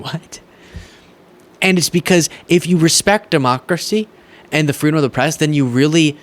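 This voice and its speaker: A young man hosting a political reaction show, talking in a sarcastic, mocking and animated way. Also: medium pitch. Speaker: political commentary host. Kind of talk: reaction commentary.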